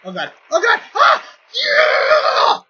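A player giving casual commentary while playing a shooting game, muttering at setbacks and bursting into triumphant shouts. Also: medium pitch, expressive, a little slow, muffled recording, music in the background.

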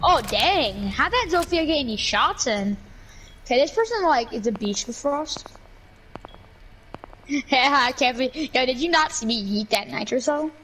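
A woman gaming YouTuber in casual gameplay banter, jokey, excitable and rambling. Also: sits high, unhurried, a little hiss or hum, low-quality recording.

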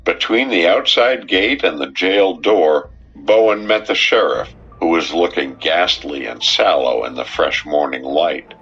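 A man reading a crime story aloud in a measured, scripted narration. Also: sits low, a bit bright, husky. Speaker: audiobook narrator. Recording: dull, muffled recording with faint music.

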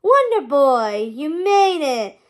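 A woman voicing a sneering, hot-tempered male god of the underworld, loud and drawn-out, in a storybook read-aloud. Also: high-pitched, sing-song, exaggerated voice.

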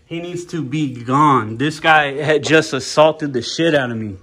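A man filming a heated encounter on a handheld phone, loud and insistent, repeating his demands. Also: a little high, measured pace, breathy edge. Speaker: video channel host, auditor. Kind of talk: confrontational on-camera filming.

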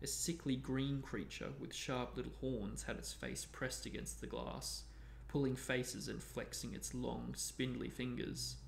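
A man hosting a show, reading a novel aloud in a steady storytelling manner. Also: mid-range voice, measured pace, vocal fry, hardly any pauses, slight background noise. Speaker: reader and show host. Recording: roomy echo.

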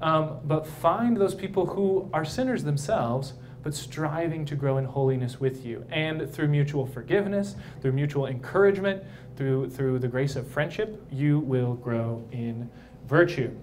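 A man's voice: a little high, expressive, a little slow, darkish tone, slight background noise. A man, a priest, giving a casual, playful talk to a live crowd of young adults at a brewery, often checking in with the audience by asking "right?".

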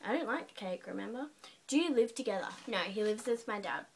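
A woman's voice: mid-range voice, expressive, a little fast, creaky, a little hiss or hum. An Australian woman hosting a casual vlog chat with her brother, teasing and giggly in a blunt way. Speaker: vlogger host.

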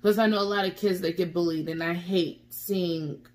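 A woman's voice: lowish voice, fairly even intonation, normal speed. A young woman hosting a casual reaction vlog, chatty and heartfelt, with lots of fillers. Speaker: YouTube reaction host.

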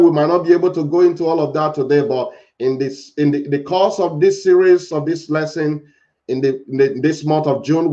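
A man leads a congregation in fervent prayer, repeating his pleas like a chant and breaking into tongues. His voice sits a little high for a man. The recording is dull and lo-fi. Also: darkish tone. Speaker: pastor.

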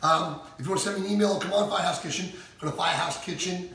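A man's voice: high voice, very fast, vocal fry, pushed and bright. A man hosting a live cooking show, upbeat and jokey, chatting while he eats. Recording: echoey room from far off.

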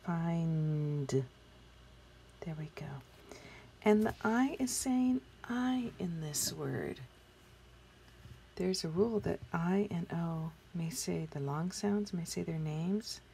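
A patient woman teacher sounds out spelling words for young children, slow and deliberate. Her low, mellow voice has a gravelly, slightly husky edge. She keeps asking the class questions and slips into a whisper now and then. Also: a little hiss or hum. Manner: sometimes drops into whispers while writing.

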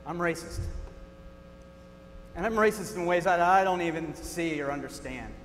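A man's voice: a little high, lively intonation, moderate pace, a bit bright, big-room sound, a little hiss or hum. Man playing a flustered, pleading Bartimaeus. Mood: repentant. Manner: flustered, pleading, repeats himself. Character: defensive, well-meaning man called Bartimaeus. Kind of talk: church skit acting.

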